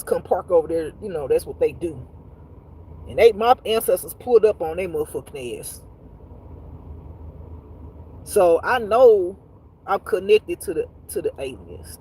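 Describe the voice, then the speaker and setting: A woman with a husky, slightly breathy voice speaks as a spiritual teacher on a casual livestream. She tells her stories in an animated, profane way and talks straight to the people watching. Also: medium pitch, low-quality recording. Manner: animated, profane storytelling with frequent laughs; talks straight to viewers, reads comments aloud.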